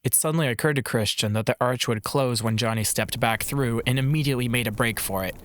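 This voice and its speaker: A man narrating a fantasy audiobook in a measured, dramatic storytelling manner. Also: medium pitch, a little hiss or hum. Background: background music.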